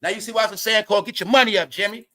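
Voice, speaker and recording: A man hosting an online commentary show, ranting loudly and mockingly, full of slang and swearing. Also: sits high, fairly even intonation, very fast.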